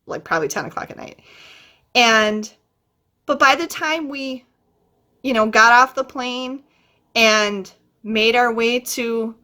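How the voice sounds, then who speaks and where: A middle-aged woman telling a travel story in a chatty, animated way. She laughs often and jumps into a high voice when she quotes her younger self. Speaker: travel vlogger. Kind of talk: casual storytelling.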